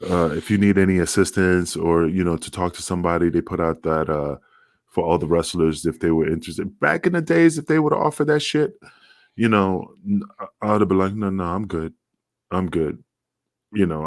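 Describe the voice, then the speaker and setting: A man's voice: deep voice, no echo, clean studio sound. A middle-aged man, a former wrestler co-hosting a podcast, talking bluntly and emphatically in casual conversation, cursing freely and often restarting his sentences.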